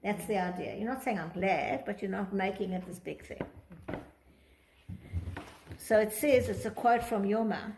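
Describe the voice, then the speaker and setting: Lively woman teaching in an echoey room. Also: mid-range voice, moderate pace, creaky, long pauses, noisy background. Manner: lively, acts out quoted thoughts in different tones. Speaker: teacher of Torah psychology. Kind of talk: class talk reading and explaining a text.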